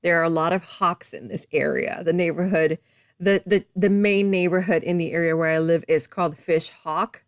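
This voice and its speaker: A woman's voice: fairly low pitch, fairly even intonation, moderate pace, no echo, studio quality. A woman from Florida chatting casually with wry asides. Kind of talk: casual chat.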